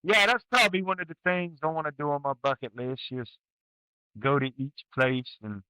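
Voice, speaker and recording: With a fairly high, smooth voice at normal speed, this American guest, a retired Army sergeant first class in his forties, bluntly recounts his service with plenty of swearing and animated quoted outbursts. The candid interview audio has no room sound but is rough.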